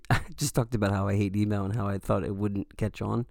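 A man with a low, gravelly voice hosts a casual solo podcast. He rambles between heartfelt sincerity and offhand jokes, leaning on fillers. The sound is dry and close, with no room around it. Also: flat delivery, fairly quick, darkish tone, dry recording. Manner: rambling, earnest and joking, lots of fillers. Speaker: podcast host.

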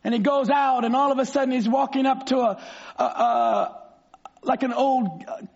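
A fervent male preacher with a very high voice for a man, swinging from soft storytelling into loud, drawn-out shouts. The recording sounds slightly dull. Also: steady tone, creaky. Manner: fervent, bursts into shouts, stretches words. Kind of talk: sermon.

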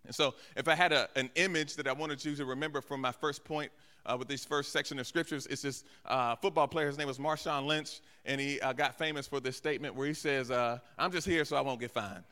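Bright-voiced preacher in a reverberant church. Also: male voice, mid-range voice, steady tone, brisk, clean tone. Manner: preaching with acted-out asides and call-outs to the congregation. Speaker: guest pastor. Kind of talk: sermon. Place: large church sanctuary. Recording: long hall reverb.

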